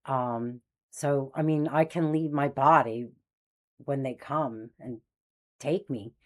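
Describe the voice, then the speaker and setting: Woman in her sixties, a medium telling personal stories in a low voice, animated, acts out voices. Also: takes it slowly. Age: 60s. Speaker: spiritual medium host. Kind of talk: personal storytelling.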